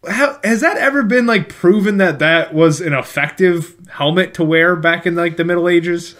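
Man, slightly high voice, sarcastic, casual podcast chat. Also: moderate pace, a bit bright. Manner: wry, sarcastic humor. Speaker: podcast co-host. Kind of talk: casual movie review chat.

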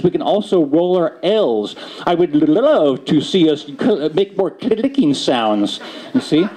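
Guy doing a funny slam poem, lively swoopy delivery, pitch on the high side. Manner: playful, mock-serious, halting restarts. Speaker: slam poet. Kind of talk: comic spoken-word performance. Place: bookstore stage before an audience.

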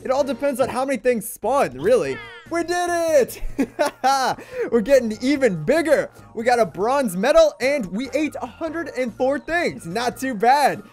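A man's voice: very high-pitched, big pitch swings, moderate pace, soft background music. A man giving playful let's play commentary, making goofy puns and laughing often. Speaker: gaming video creator.

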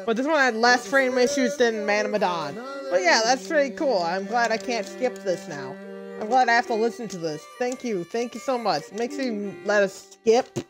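A woman's voice: on the high side, animated, normal speed. A young woman giving gameplay commentary, exasperated and swearing at the screen. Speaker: gaming video creator. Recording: voice over game audio with music. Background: game music.

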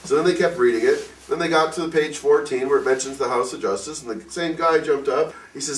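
A man's voice: on the high side, fairly quick, few pauses. A man telling an informal religious story at a fireside gathering, rambling with many fillers and acting out the people he quotes. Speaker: fireside speaker. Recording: distant mic in echoey room.

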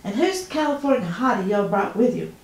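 A woman voicing a lively, teasing young woman in an audiobook reading. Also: fairly high pitch, fairly quick. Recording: roomy echo.

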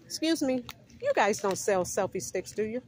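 Out of breath from walking outdoors and then through a store, a woman chats warmly with her viewers, addressing them as "you guys" on a handheld phone vlog. Her mid-range voice is a little mellow, with lively intonation at normal speed.

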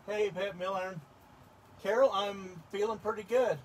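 A man's voice: high voice, fairly even intonation, measured pace, far from the mic, slight background noise, rough recording. A man chatting on a casual livestream, reading out viewer comments and greeting them by name. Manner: friendly, reads out and greets viewer names.

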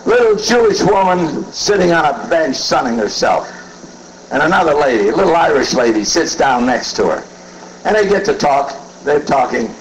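A comedian at a roast, telling dirty jokes briskly and acting out each character's voice. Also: male voice, a little high, sing-song, a little hiss or hum, low-quality recording.

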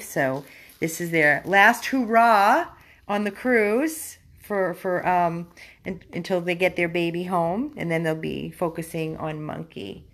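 A woman volunteering at a dog rescue gives her followers a casual video update. Now and then she slips into high-pitched baby talk with a dog.

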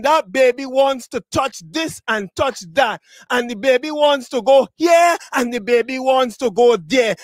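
A very high-voiced man preaches a funeral sermon, speaking slowly and deliberately. He leans into shouted emphasis, stretches out key phrases and repeats himself. The sound is close and dry. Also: expressive, no echo. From Tobago. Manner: addresses mourners directly, repeats words.

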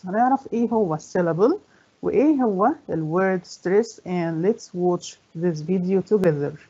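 A woman English teacher with an Egyptian accent, a native Egyptian Arabic speaker, explaining a lesson in Arabic and reading the English questions slowly. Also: medium pitch, mellow, husky. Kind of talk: bilingual classroom explanation. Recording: dull lo-fi recording.

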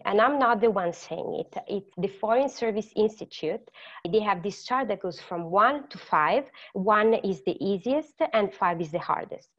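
A woman's voice: medium pitch, highs cut off. Chatty Italian-accented woman tutor. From Italy. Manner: chatty, many hesitant fillers. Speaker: language tutor. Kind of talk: online beginner class.

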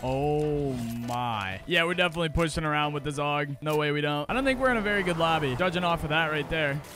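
A young man giving casual gameplay commentary, excitable and talking to himself and his viewers as he plays. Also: fairly high pitch, a little fast. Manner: excitable, talks to himself and viewers while playing. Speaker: gaming creator. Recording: game music and gunfire behind voice.

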